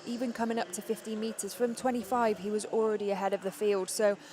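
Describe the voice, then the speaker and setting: Fast-talking female co-commentator. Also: medium pitch, flat delivery, mellow. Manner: quick, analytical. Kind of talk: sports analysis commentary.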